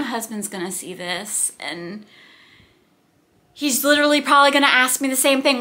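Bright-voiced gushing woman book vlogger. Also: high-pitched, steady tone, normal speed, long pauses, slight background noise. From United States. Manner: gushing, chatty, rambling asides. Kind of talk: casual chat.

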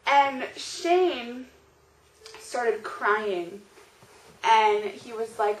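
A young woman with a high voice tells a story straight to camera, bubbling over with excitement and "like" after "like". The room around her is roomy and echoey. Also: very slow. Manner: gushing, excitable, heavy use of "like". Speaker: vlogger. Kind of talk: casual storytelling vlog. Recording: roomy echo.

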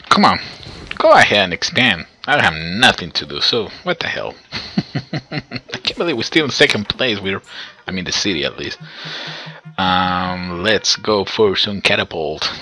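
A man narrates his own strategy gameplay in a deep, husky voice. His delivery is intensely forceful and excitable, and he keeps addressing his viewers directly. He chuckles often as he goes. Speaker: gameplay commentator. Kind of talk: let's play commentary.

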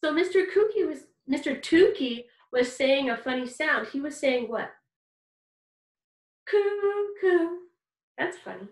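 A woman's voice: high voice, expressive, normal speed, hardly any pauses. A woman teaching a kindergarten music lesson online, talking to small children in a cheerful, encouraging way and keeping her words simple.

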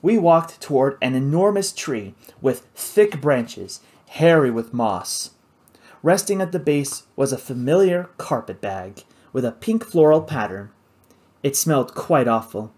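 A man narrating an adventure novel in the first person, with an expressive storytelling delivery. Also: fairly high pitch. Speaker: audiobook narrator.

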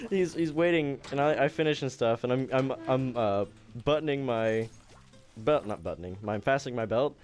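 A young man chatting while gaming, telling a rambling story and breaking into giggles. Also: medium pitch. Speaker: channel host and gamer. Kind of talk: casual gaming chat and storytelling.

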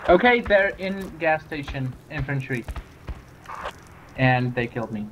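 A man's voice: medium pitch, lively intonation, a little slow, background noise. A man in a game squad reporting enemy positions over voice chat, a little hesitant.

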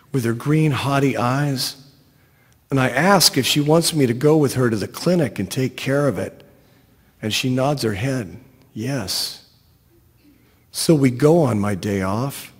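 A man reads a short story aloud at an unhurried pace, his delivery wry and deadpan. His voice sits at an ordinary middle pitch. A long reverb hangs on the recording. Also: slightly rough. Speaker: narrator.

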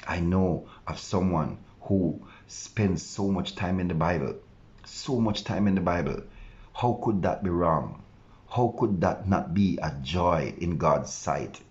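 A man's voice: low voice, a little mellow, highs cut off. A male pastor preaching an earnest devotional sermon, now and then voicing the objections of his listeners.

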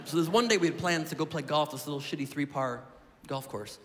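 Stand-up comic, man in his thirties, high lively voice, live club with long reverb and a loud audience. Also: fairly quick, noisy background. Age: 30s. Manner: animated, profane storytelling with acted-out dialogue. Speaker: stand-up comedian. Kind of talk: stand-up comedy routine. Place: comedy club stage with audience.

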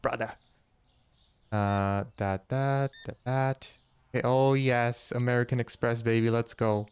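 A man hosting a casual let's-play, chatty and jokey, thinking aloud and counting money out loud as he goes. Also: on the low side, clean tone. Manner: jokey, easily startled. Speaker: gaming channel host.

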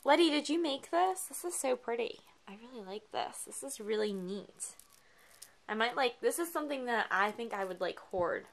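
A woman craft vlogger chatting casually as she unboxes a gift package, gushing and excitable, often gasping with delight. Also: a little high, moderate pace, gravelly.

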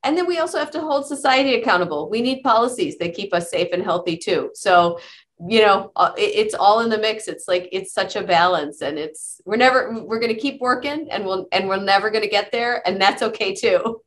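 A middle-aged woman speaks as a psychologist guest on an interview podcast. She tells stories earnestly, her thoughts spilling out with fillers and restarts. Her pitch sits in an ordinary middle range. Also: a little fast. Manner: warm storytelling, earnest, with many fillers and restarts. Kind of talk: conversational interview answers.

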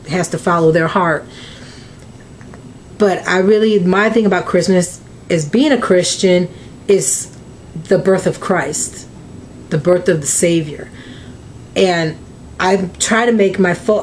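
A woman's voice: fairly low pitch, a little mellow, a little hiss or hum. A woman, opening mail on a crafting vlog, gushing and emotional, close to tears. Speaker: crafting vlogger.

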